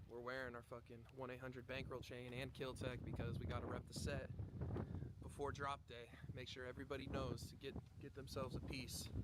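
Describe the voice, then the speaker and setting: A young man vlogging about his clothing brand in a rambling, joking way, with plenty of swearing. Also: medium pitch. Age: young adult. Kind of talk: casual vlog chat. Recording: roomy with faint background noise.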